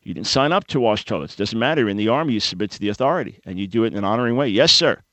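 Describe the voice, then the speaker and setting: A man's voice: lowish voice, lively intonation, rapid-fire, no room sound. A male talk radio host speaks into a studio microphone in a plainly teaching, emphatic manner. He builds his points with simple everyday analogies. The sound is close and dry, with no room around it. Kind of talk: call-in talk radio monologue.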